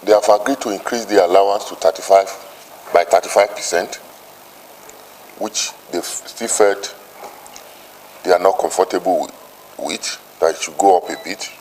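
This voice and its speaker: A man, a senator, speaking in a halting way with restarts. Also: deep voice, darkish tone, a little hiss or hum, low-quality recording.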